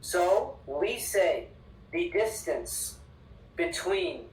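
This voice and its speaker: An English teacher giving an online class, upbeat and emphatic, repeating words slowly for the students. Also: medium pitch, huge pitch swings, a little mellow. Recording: echoey room, distant mic.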